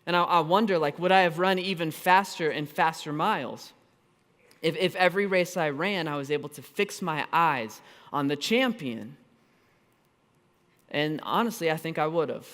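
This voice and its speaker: A man in his thirties, a pastor telling a personal story in a sermon, animated and self-deprecating, with quick asides and restarts. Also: on the high side. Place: church auditorium. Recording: long hall reverb.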